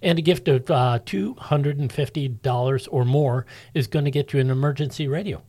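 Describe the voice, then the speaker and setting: A man's voice: mid-range voice, normal speed, a little mellow. A man hosting a community radio show, chatting casually and reading station announcements in an upbeat way. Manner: upbeat, chatty, with many fillers. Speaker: radio host.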